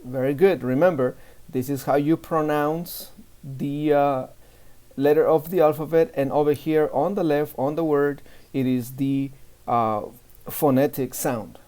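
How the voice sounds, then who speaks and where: A man's voice: fairly high pitch, steady tone, a little slow, mellow. A man teaching a beginner Spanish lesson, saying each letter and word three times for learners to repeat.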